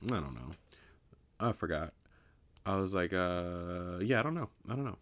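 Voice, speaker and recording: A man's voice: deep voice, expressive, normal speed, fairly bright tone. Rambling young man on a podcast. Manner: rambling, loses his train of thought. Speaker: podcast co-host. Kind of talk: casual chat.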